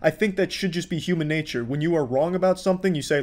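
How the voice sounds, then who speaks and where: A man's voice: on the high side, fairly quick, few pauses. Sarcastic swearing male commentator. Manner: sarcastic, exasperated, swears freely. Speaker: commentary youtuber. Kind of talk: profane commentary.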